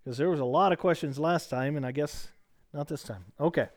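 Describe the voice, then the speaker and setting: A man's voice: fairly high pitch, a little fast, darkish tone. A middle-aged man teaching a casual weeknight Bible study, chatty and rambling, joking with the group and full of fillers and restarts. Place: church classroom.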